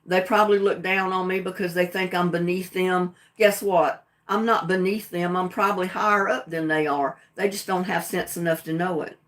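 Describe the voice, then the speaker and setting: A woman's voice: lowish voice, steady tone, normal speed, hardly any pauses, fairly bright tone. A middle-aged woman with a Southern US accent, talking plainly and defiantly on her own livestream. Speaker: livestream host. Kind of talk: casual livestream talk.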